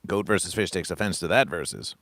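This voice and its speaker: Male livestream host, grandiose repetitive sermon cadence, bright tone, dry close mic. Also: low-pitched, quick pace, dry recording. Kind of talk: rambling comic livestream monologue.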